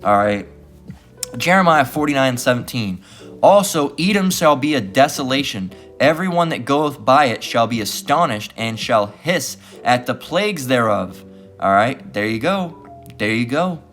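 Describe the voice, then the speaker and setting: A man's voice: mid-range voice, expressive, measured pace, fairly bright tone, soft background music. A man preaching scripture in a combative, profane tone, repeatedly asking "all right?" and "guess what". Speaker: street-style preacher.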